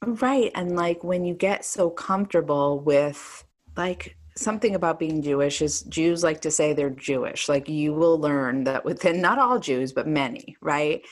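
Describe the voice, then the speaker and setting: Low-voiced woman co-hosting a podcast, rambling, lots of "like", laughs a bunch. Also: unhurried. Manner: rambling storyteller, many "like"s, laughs often. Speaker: podcast co-host. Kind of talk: casual chat.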